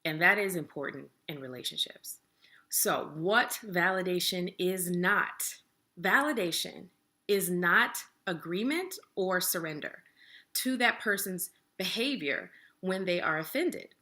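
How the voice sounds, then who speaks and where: A young adult woman explaining a relationship topic in a calm, plain-spoken casual talk to the camera. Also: on the low side, unhurried. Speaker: relationship educator.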